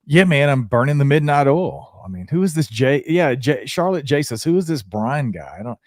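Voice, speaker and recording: A man's voice: medium pitch, very animated, normal speed, dry recording, studio quality. Wry joking podcast co-host man. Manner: wry, self-mocking joking. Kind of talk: live podcast chat.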